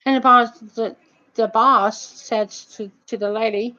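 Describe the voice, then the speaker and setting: A woman tells a story in a rambling, indignant rant, full of restarts, swearing and loose grammar. Her voice sits fairly high. The audio is dull and lo-fi. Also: fairly even intonation, slow pace, bright, forceful tone. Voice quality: heavy swearing, nonstandard grammar. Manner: indignant, rambling with restarts and "you know what I mean".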